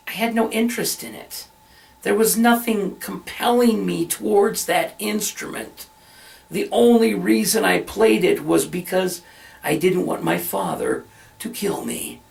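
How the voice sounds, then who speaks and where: A middle-aged minister, a man, preaching in a relaxed, conversational way while telling his own story. His voice has a gravelly, creaky grain. He sits some distance back from the mic. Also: sits high. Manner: earnest storytelling, emphatic and conversational. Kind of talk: sermon-style personal reflection.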